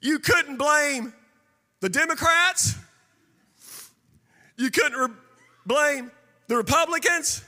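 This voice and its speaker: A male pastor preaching a sermon with sing-song cadence and shouted peaks. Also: very high-pitched, takes it slowly, long pauses, big-room sound.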